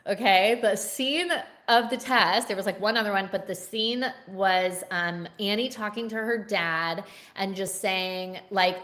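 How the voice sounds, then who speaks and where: Animated, swearing woman telling stories. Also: mid-range voice, measured pace, hardly any pauses. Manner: animated storytelling, swears casually, laughs. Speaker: actress guest. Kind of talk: casual podcast chat.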